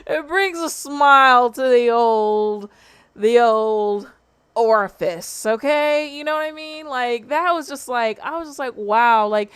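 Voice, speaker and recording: A woman's voice: sits high, measured pace, fairly bright tone, smooth. A woman hosting a casual livestream, talking in a chatty, slangy way and swearing freely. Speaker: livestream host.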